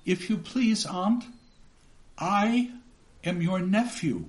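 A man's voice: high-pitched, slow, pitched above the performer's own voice. A man voicing a ragged, unhappy runaway boy who pleads politely and hesitantly. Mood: timid.

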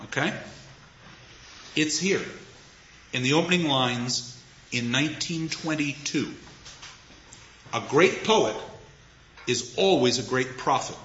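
A man lecturing on literature, telling a classroom story and acting out his students. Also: fairly high pitch. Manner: animated storyteller, acts out students. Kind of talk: lecture with anecdote. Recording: echoey lecture hall, dull noisy audio.

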